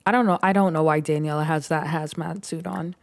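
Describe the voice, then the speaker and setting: A woman giving excitable, chatty let's play commentary as she plays a life-simulation game, narrating each move. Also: sits low, a little fast, creaky, no room sound, studio quality. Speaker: gaming YouTuber.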